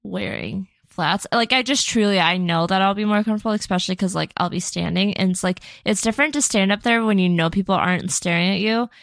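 A woman's voice: medium pitch, fast talker, creaky, few pauses, fairly bright tone, no echo. A young woman co-hosting a podcast, chatting casually, rambling and laughing often. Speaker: podcast co-host. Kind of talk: casual chat.

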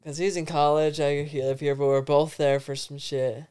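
A man's voice: on the high side, flat delivery, moderate pace, darkish tone, clean tone. A young man in his twenties, a podcast guest telling a rambling story full of swearing and laughter. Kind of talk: casual storytelling.

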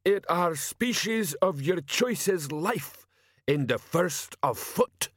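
A dim but eager troll sergeant, as a male audiobook narrator puts him on, bellowing clumsy recruiting lines in a strained, high voice. He drags every word out slowly, recorded dry and close. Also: animated, a bit bright, husky, no echo, full character voice. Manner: slow, plodding, ungrammatical barking.

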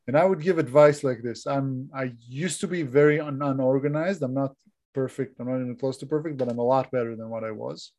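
A man's voice: mid-range voice, brisk, a little mellow. A man co-hosting a casual podcast, giving advice in a chatty way, restarting sentences and dropping to a mumble at the ends of phrases. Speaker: co-host.

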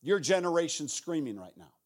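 High-voiced preacher telling a lively story. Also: male voice, fairly quick. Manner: animated, acts out the people in his stories; playful asides. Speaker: guest preacher. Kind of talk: sermon storytelling.

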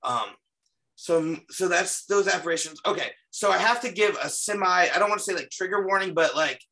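A man's voice: high-pitched, animated, a little fast, pushed and bright. A man who investigates the paranormal, talking through his case footage on a podcast in an earnest, casual way, with a lot of restarts. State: slightly losing his voice.

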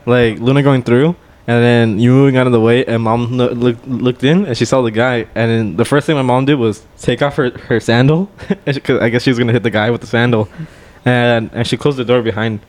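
Young dude cohosting a chill podcast, kinda halting, keeps restarting, normal pitch. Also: male voice, fairly even intonation. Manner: hesitant, many fillers and restarts. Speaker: podcast co-host. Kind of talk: casual chat.

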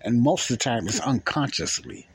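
A man's voice: medium pitch, big pitch swings, normal speed, breathy edge. A man hosting a podcast, talking in a casual, rambling monologue that repeats phrases in plain, folksy speech. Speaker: podcast host.

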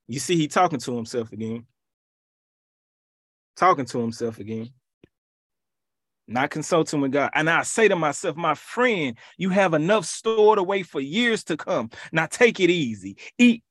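Emphatic preacher man, lively pitch. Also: no room sound, clean studio sound. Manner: emphatic, repetitive preaching with rhetorical questions. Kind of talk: sermon.

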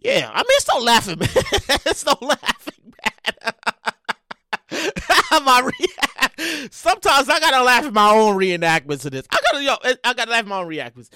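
High, lively-voiced man ranting on a podcast. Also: normal speed, dry recording, clean studio sound. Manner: animated, profane, frequent restarts and repeated phrases; bursts into loud acted-out reenactments. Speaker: podcast host. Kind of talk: solo casual commentary.

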